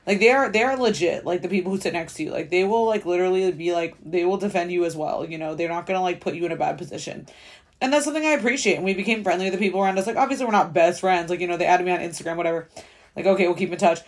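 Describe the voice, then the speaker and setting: A woman in her twenties hosting a solo podcast, rambling casually with lots of fillers and swearing. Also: fairly low pitch. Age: 20s. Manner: rambling, filler-heavy valley-girl talk with frequent swearing; fast, chatty storytelling. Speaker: podcast host.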